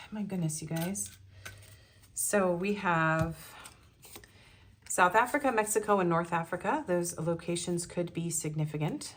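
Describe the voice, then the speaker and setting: A young woman with a notably low voice gives a casual pick-a-card love reading. She reads card messages aloud and chats and giggles between them. A faint hiss sits under her voice. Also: unhurried, pauses often. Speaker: tarot reader.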